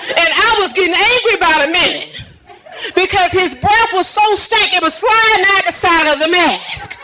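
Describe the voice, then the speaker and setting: A woman doing a stand-up routine, sassy and teasing the crowd with drawn-out punchlines. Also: very high voice, very noisy. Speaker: stand-up comedian.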